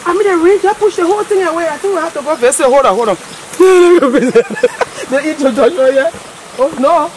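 A high-pitched woman walks outdoors by a stream, narrating her farm for viewers. She talks in excited bursts of exclamation and chats to herself as she goes. Loud running water and outdoor noise sit right under her phone-recorded voice. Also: normal speed, rough recording. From Liberia. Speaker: vlogger. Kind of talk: walking farm vlog.

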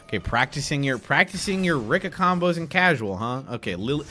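A young man streaming a card game, giggling and excitedly calling out each play as it happens. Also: a little high, brisk. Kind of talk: live gameplay commentary.

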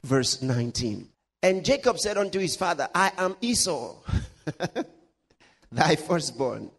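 A male pastor preaching a sermon, reading scripture aloud with laughs, dramatic pitch swings and slowed emphasis. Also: in a large hall.

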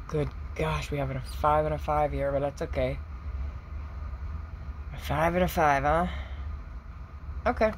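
A woman doing a casual tarot reading for viewers. She is excitable, laughs often, swears casually and calls the audience pet names. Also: low voice, normal speed, pauses often, a little hiss or hum, rough recording. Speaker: tarot reader.

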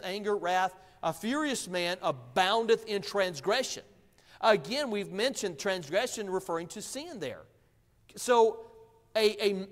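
A man preaching in a church sanctuary, his voice set high for a man. He reads scripture and hammers points home with repetition. A long reverb trails off the hall walls. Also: a bit bright. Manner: preaching with emphatic repetition and Bible reading. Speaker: pastor. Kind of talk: sermon.

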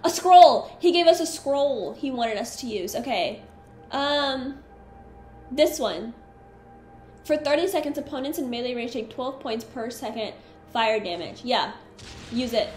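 While playing, this woman streamer chats through a let's-play, quick to exasperation and speaking to her companion. She sits on the high side, unhurried, with a darkish tone. The audio is roomy with slight background noise.

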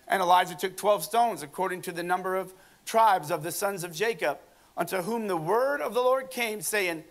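A man's voice: high voice, fairly bright tone. A man preaching a sermon, reading scripture aloud with jokes and asides to the congregation.

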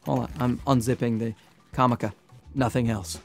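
A man with a nasal voice, chatting casually through a product review on a clip-on lapel mic, joking and sometimes getting loud. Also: medium pitch, fairly even intonation, moderate pace, soft background music. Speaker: camera gear reviewer.

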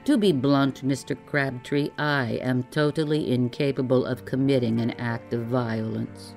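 A woman's voice: a bass voice, steady tone, gravelly, a little mellow, faint music behind, heavily acted. Woman playing a suave, ruthless boss. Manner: suave, unhurried, coolly menacing. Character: plump, smooth, ruthless male employer.

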